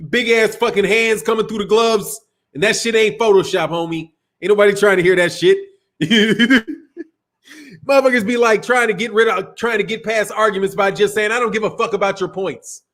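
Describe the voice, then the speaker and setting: A man's voice: sits high, moderate pace, a bit bright. A man hosting a boxing livestream, talking loosely and profanely, laughing often and reading out super chats. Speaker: boxing channel host. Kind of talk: casual livestream talk.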